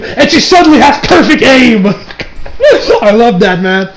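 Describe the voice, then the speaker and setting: A man casually reviewing a film on his channel, excitable and rambling, swearing freely and laughing often. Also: extremely high pitch, a little slow, a crowd in the background, poor audio. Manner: rambling with many restarts and fillers. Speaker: movie reviewer.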